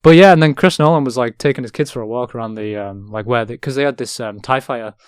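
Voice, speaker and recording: A young man in his twenties with an English accent, chatting as a guest and telling anecdotes with loud, laughing impressions of the people he met. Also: mid-range voice, fast talker, clean tone, dry recording, clean studio sound. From England. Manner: animated, acts out quotes loudly with laughter. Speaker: actor guest. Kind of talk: casual storytelling chat.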